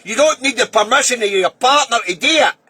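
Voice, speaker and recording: Angry, high-pitched Scottish man ranting. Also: expressive, a little fast, bright, forceful tone, husky, dry recording. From Scotland. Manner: sweary, blunt and heated. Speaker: political video commentator.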